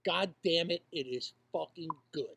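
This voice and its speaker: A man's voice: a little high, moderate pace, vocal fry, fairly bright tone, breathy edge, no echo. A man co-hosting a casual podcast, rambling through stories and swearing freely. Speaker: podcast co-host. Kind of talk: casual chat.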